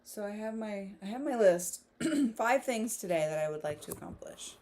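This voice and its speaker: A woman's voice: mid-range voice, lively intonation, normal speed, mellow, slight background noise. A woman hosting a casual writing livestream, chatting, laughing often and reading viewer comments aloud. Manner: giggly, reads chat aloud. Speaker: livestream host.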